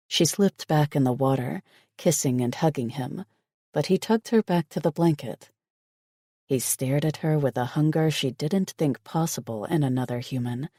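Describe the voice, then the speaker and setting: A male narrator reads a romance audiobook in a slow, steady voice. His pitch sits mid-range. The recording is dry and close with no room sound. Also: no room sound. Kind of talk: scripted narration.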